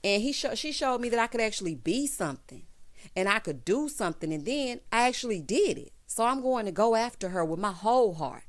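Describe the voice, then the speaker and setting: Sassy animated woman recapping TV. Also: on the high side, fairly quick. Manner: sassy, animated, calls listeners honey and child. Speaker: TV recap host. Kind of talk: casual recap commentary.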